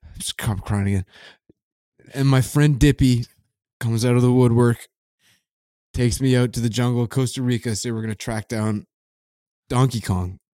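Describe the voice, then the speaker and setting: A man's voice: medium pitch, fairly even intonation, moderate pace, long pauses, mellow, no room sound, clean studio sound, natural voice. A man improvising a weepy, confused widower who rambles and keeps cracking up in a comedy scene. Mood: bewildered. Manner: rambling, breaks into laughter.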